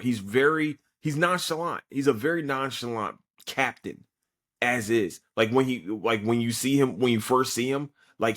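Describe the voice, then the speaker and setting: A man's voice: mid-range voice, a bit bright. A man hosting a podcast, giving a casual, profane, rambling recap of an anime episode with frequent restarts. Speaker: podcast host.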